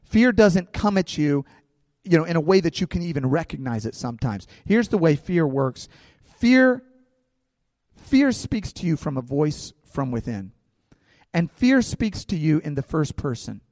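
A man with a fairly high voice preaches with conviction, asking his listeners questions as he goes. His words ring out with a long reverb, as if in a large hall, though the voice itself stays close to the mic. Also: sing-song, a little slow, darkish tone. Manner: impassioned preaching with rhetorical questions. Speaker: pastor. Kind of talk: sermon.

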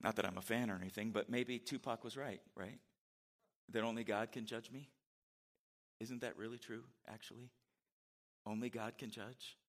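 A pastor with a fairly low, steady voice preaches at a moderate pace, pausing often. His sermon is conversational: he poses rhetorical questions to the congregation and reads scripture aloud with dramatic inflection.

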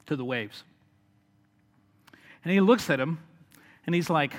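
Male preacher, earnest sermon, unhurried delivery, slightly higher voice, long hall reverb. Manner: earnest, builds to animated storytelling with acted voices.

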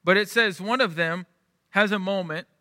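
A man's voice: high voice, moderate pace, sharp tone, no echo, clean studio sound, in a large hall. A male pastor preaching a sermon in a conversational, storytelling way, often restarting his sentences.

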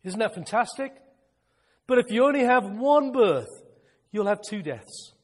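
A male preacher delivering a fervent sermon, repeating phrases for emphasis and sometimes shouting with excitement. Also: high-pitched, measured pace, big-room sound.

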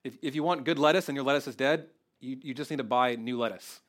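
A man's voice: medium pitch, fast talker, fairly bright tone. A man preaching a sermon, earnest and conversational, often restarting his phrases and growing emotional. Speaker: pastor.

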